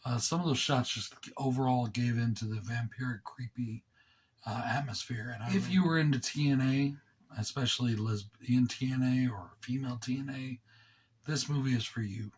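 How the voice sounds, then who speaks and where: A man hosting his own movie review channel, talking low and rambling casually with a sore throat. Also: normal speed, slightly rough. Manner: relaxed, rambling, enthusiastic with fillers.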